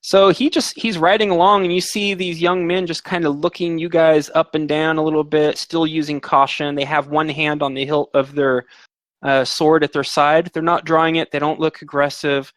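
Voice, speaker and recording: A man's voice: on the high side, flat delivery, moderate pace, fairly bright tone, dry recording. A man running a tabletop game as game master, rambling with fillers and restarts.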